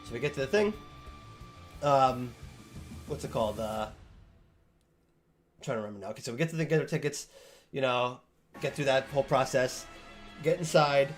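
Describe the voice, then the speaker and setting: A man's voice: medium pitch, moderate pace, pauses often, faint music behind. A young man casually telling a long story on stream, rambling and swearing a lot, acting out the lines of the people in it.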